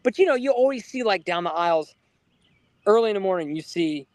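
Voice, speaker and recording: A podcast co-host with a high voice tells stories in a casual, animated chat, acting out the people he quotes. He talks fairly quickly, and the recording has no room sound.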